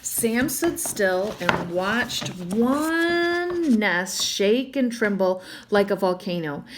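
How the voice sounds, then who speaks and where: A woman's voice: medium pitch, big pitch swings, drawn-out words, noisy background. A woman reading a children's picture book aloud as a storyteller, adding chatty asides to the listener.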